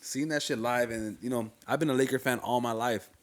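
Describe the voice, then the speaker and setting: A man's voice: mid-range voice, steady tone, fairly quick. A man from Los Angeles hosting a casual podcast chat, telling laid-back slangy stories and laughing often. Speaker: podcast host.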